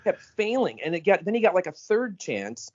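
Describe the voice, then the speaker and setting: A man co-hosting a podcast in casual chat, talking animatedly and jumping up in pitch when he quotes people. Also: sing-song, normal speed, lo-fi sound. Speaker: podcast co-host. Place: on a phone call.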